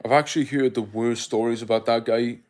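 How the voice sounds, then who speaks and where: A man's voice: medium pitch, fairly even intonation, brisk, a little mellow. A young Welsh man with a South Welsh accent, hosting a casual livestream, rambling with lots of fillers as he reads out viewer comments. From Wales. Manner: rambling, filler-heavy, laughs easily. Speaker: livestream host.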